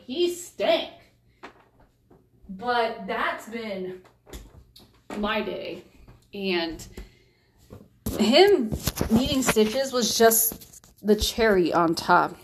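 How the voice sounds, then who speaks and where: A woman's voice: on the high side, fairly bright tone. A young woman, a mother, chatting candidly to camera, with lots of fillers and restarts. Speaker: mother vlogger. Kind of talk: casual chat to camera.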